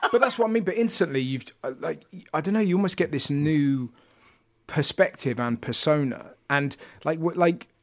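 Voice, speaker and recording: A man's voice: fairly high pitch, normal speed. A man, a comedian chatting casually and telling travel stories with lots of laughter and restarts. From England. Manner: animated storytelling, laughs often, many restarts. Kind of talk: casual chat.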